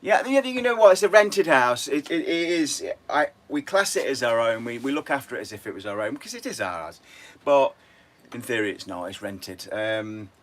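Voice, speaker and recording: Man, english accent, middle-aged, live stream host, restless rambling chat, average pitch. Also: lively intonation, moderate pace. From England. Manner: rambling, restless, talks to viewers.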